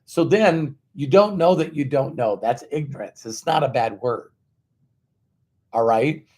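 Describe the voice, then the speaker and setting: A man speaking as a motivational speaker, at an ordinary middle pitch for a man. He talks in a loose, conversational way, leans hard on repeated words and acts out the voices in his stories. He keeps asking the listener rhetorical questions. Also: unhurried, darkish tone, breathy edge. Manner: emphatic, repeats words for stress, acts out quoted dialogue. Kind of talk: motivational talk with storytelling.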